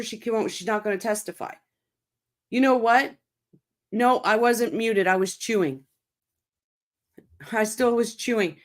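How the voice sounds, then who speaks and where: A woman hosting a casual livestream, commenting bluntly and with profanity on a press conference. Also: on the high side. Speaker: livestream host.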